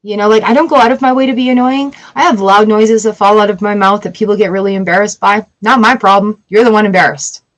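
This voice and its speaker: A woman in her forties chatting casually on a tarot livestream, emotional and quick to laugh. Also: medium pitch, steady tone, poor audio. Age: 40s. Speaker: tarot reader.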